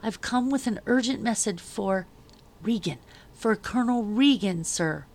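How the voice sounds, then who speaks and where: A woman's voice: medium pitch, lively intonation, a little slow, a little mellow, voice pushed up. A woman voicing a young enslaved girl who speaks politely but firmly. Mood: earnest. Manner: polite and firm.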